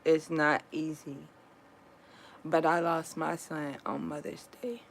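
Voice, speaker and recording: A woman talking casually to her viewers in an earnest, comforting and reflective way, pausing often and restarting her sentences. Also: deep voice, flat delivery, vocal fry, slight background noise, low-quality recording. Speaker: vlogger sharing a personal story.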